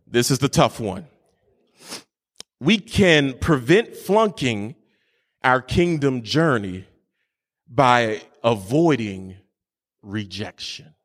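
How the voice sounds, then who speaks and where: A pastor preaching a sermon with fervent delivery, moving between shouted sing-song peaks and quieter teaching. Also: male voice, mid-range voice, sing-song, takes it slowly, long pauses. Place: church sanctuary. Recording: long hall reverb.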